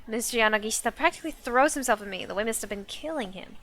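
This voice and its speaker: A woman's voice: a little high, lively intonation, fast, few pauses, fairly bright tone, a little hiss or hum. A woman streamer reading a game aloud on a live stream in a chatty way, with asides and self-corrections. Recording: music playing underneath.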